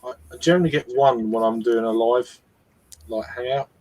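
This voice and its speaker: A man's voice: mid-range voice, brisk, darkish tone, rough recording. A man chatting on a live stream in a dry, teasing way. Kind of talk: casual chat on a live stream.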